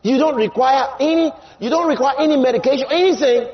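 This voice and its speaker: A man preaching a sermon in an emphatic style, repeating his lines and rising to shouts. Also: very high-pitched, fairly quick, highs cut off.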